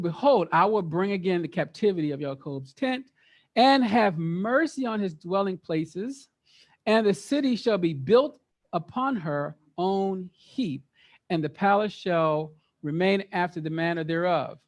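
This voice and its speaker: Speaking at a measured pace in a high-set voice, a teacher runs a Bible study with his group, reading verses out and quizzing them energetically. He frequently repeats words to stress them.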